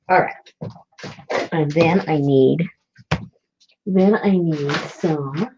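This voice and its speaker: Lady chatting through a craft livestream, bouncy pitch, kinda muffled audio. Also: very animated, slow, pauses often, noisy background. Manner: chatty, laughs often, self-deprecating. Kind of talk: casual craft livestream chat.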